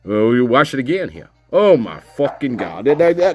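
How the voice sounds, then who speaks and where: A man commentating on a live stream, his pitch swinging up and down as he reacts. He laughs often, swears freely and keeps talking in a loose, casual chat. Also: very animated, moderate pace, darkish tone.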